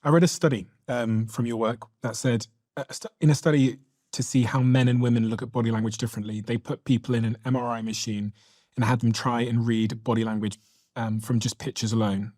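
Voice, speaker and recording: A man's voice: medium pitch, fairly even intonation, a little fast, a little mellow, no room sound, studio quality. A man hosting an interview, chatting and asking follow-up questions. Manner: conversational, asks follow-up questions. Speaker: podcast host.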